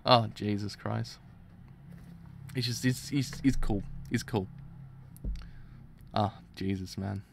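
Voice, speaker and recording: Excitable young man with a dry, sore throat. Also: on the low side, slow pace, vocal fry, pauses often, slight background noise. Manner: excitable, swears, repeats and restarts. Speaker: streamer. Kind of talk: live reaction and discussion.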